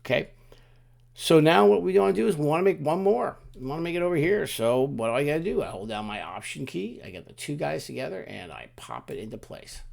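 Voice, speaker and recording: A man talks through a screen-recorded software lesson, casually narrating each click as he goes. His voice has a gravelly edge and moves up and down freely, with loose restarts and little asides along the way. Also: on the high side. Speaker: software tutorial instructor.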